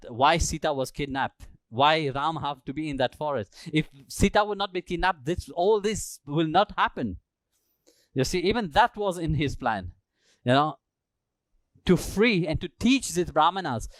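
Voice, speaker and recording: A male spiritual teacher telling a sacred story during a live talk in a temple, acting out the characters with animated delivery. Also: a little high, no echo. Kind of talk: storytelling sermon.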